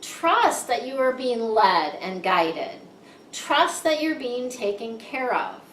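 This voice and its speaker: A woman's voice: a little high, big pitch swings, slow, a bit bright, a little hiss or hum. Upbeat woman reading tarot cards. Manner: upbeat, encouraging, often ends with "right?". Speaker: tarot card reader. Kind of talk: casual monthly tarot reading. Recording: echoey room, mic set far off.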